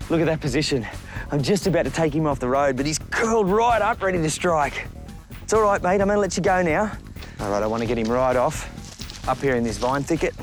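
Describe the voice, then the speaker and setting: Lively Australian man presenting wildlife outdoors. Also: a little high. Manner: lively, chatty, talks directly to the snake. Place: outdoors in the bush and by a road.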